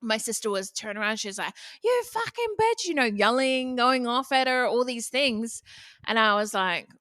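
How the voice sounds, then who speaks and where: A woman's voice: on the high side, fairly even intonation, moderate pace, pushed and bright, clear, resonant tone, no echo, studio quality. Blunt, chatty young woman podcaster. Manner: blunt, frequent swearing, chatty. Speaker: podcast host. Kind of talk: casual solo podcast monologue.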